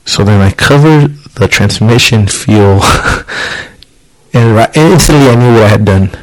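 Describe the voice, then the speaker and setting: A man's voice: on the low side, measured pace, dry recording, poor audio. A young man co-hosting a podcast, telling a casual, profane story and acting out the quotes. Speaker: podcast co-host. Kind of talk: casual chat.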